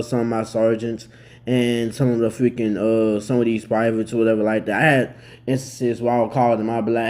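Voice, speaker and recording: Blunt, cussing young man with a mellow voice. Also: medium pitch. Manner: blunt, heavily profane, worked up. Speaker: vlogger reacting to a news story. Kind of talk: casual commentary.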